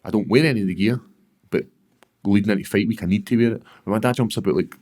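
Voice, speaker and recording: A Scottish man with a fairly low voice tells stories as a podcast guest. He is animated, acts out other people's voices and swears without a second thought. The talk is relaxed and chatty. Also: fast talker. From Scotland. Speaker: guest, professional fighter. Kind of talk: casual storytelling in a podcast interview.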